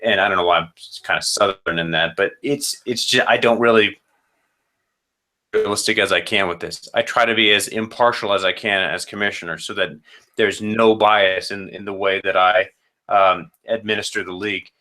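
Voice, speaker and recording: A man's voice: lowish voice, fairly even intonation, moderate pace, bright, forceful tone. A man who runs a fantasy football league, casually rambling through matchup predictions with self-corrections and joking asides.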